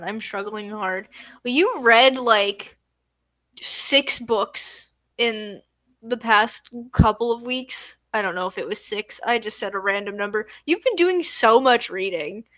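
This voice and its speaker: Sleepy young woman streamer talking slow, bright high voice, dry close mic. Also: no echo. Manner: sleepy, yawning, chatty. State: tired. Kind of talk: casual livestream chat.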